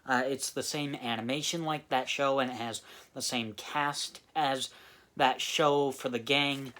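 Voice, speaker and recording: A man giving a casual spoken movie review, halting with fillers and restarts. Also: mid-range voice, steady tone, sharp tone. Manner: halting, many fillers and restarts, clears throat.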